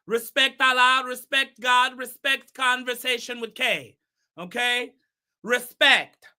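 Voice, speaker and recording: A woman's voice: a little high, steady tone, takes it slowly, pushed and bright, full character voice. A woman voicing a brash, proud guest character with a put-on foreign accent who keeps repeating blessing phrases and brushes off personal questions. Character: brash self-proclaimed Pakistani woman guest, proud and evasive. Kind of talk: comedic character sketch.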